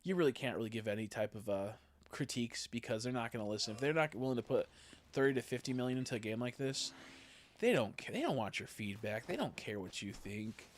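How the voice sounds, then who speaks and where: A man's voice: medium pitch, animated, fast talker, a little hiss or hum. A young man streaming a game, chatting casually in a rambling way, swearing freely and tossing in jokey asides. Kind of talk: casual gaming livestream chat.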